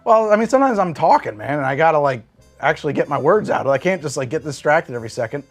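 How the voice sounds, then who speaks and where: A man's voice: on the high side, sing-song, fast talker, faint music behind. Rambling, profane male streamer. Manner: rambling, profane, thinking aloud. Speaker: live streamer. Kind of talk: casual livestream chat.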